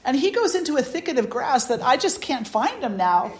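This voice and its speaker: A spiritual teacher leading a satsang gives an informal, anecdote-filled talk, animated and chatty, laughing often and restarting sentences. Her voice is high and brisk, with a roomy echo in the recording.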